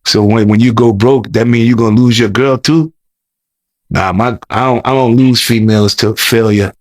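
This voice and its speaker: A man's voice: medium pitch, steady tone, normal speed, no room sound. A man telling a long story as an interview guest, rambling, repeating words, and talking in loose slang. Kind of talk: casual storytelling.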